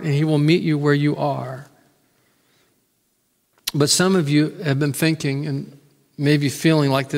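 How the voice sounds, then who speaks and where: A man's voice: fairly high pitch, fairly bright tone, long reverb tail. A man preaching a sermon as pastor, in an earnest, conversational way, often restarting his words and acting out quotes. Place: church sanctuary.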